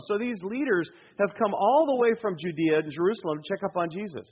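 Preacher guy, high husky voice, punchy sermon, bit muffled recording. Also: a little fast, few pauses. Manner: emphatic, swings from loud urging to low hushed points. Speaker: pastor. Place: church sanctuary.

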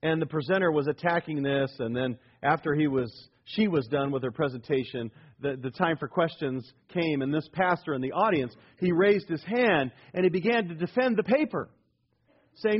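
A man's sermon delivered in a high, slightly husky voice. He preaches with rising emphasis and asks the congregation rhetorical questions. The recording is dull and lo-fi. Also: brisk. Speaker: pastor.

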